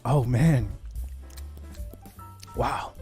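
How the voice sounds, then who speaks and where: A man hosting a whiskey cocktail livestream, chatting casually and rambling with animated asides. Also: medium pitch, drawn-out words, faint music behind.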